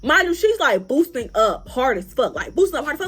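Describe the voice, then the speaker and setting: Lively, high-voiced young woman storyteller. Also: a little fast. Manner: animated, profane, acts out other people's lines. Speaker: vlogger. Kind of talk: storytime vlog.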